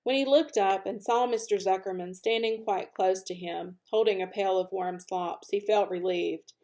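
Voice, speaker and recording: A woman reading a children's novel aloud, with expressive, animated narration as the channel's regular reader. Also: medium pitch, moderate pace. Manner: expressive, animated narration, speeds up at lively moments. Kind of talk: storybook read-aloud.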